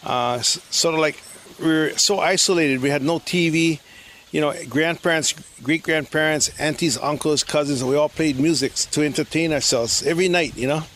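A man's voice: fairly high pitch, moderate pace, a bit bright, slight background noise. Rambling older man from Hawaii. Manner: rambling, storytelling with many fillers. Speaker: slack key guitarist. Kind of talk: casual interview. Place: outdoors at a beach resort.

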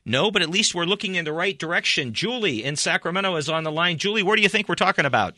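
A man with a very bright, sharp, slightly high voice co-hosts a radio travel show. He is playful and upbeat, and his voice is close and dry. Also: expressive, fast, few pauses, dry recording.

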